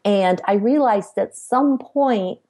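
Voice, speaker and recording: A middle-aged woman, a podcast guest, recounting her life in a measured storytelling way. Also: mid-range voice, warm tone. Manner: measured, acts out quoted dialogue. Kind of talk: personal storytelling.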